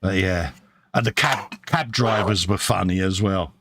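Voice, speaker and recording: A man's voice: low-pitched, a little slow, background noise. A middle-aged man with a Cockney accent, chatting casually on a live stream and reading out viewer comments. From East End of London. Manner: chatty, lively storyteller.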